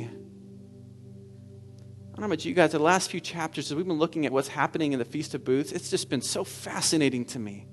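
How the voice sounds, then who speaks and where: Earnest male preacher, slightly high voice. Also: fast, soft background music. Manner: earnest, building to fervent exclamation. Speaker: pastor. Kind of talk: sermon.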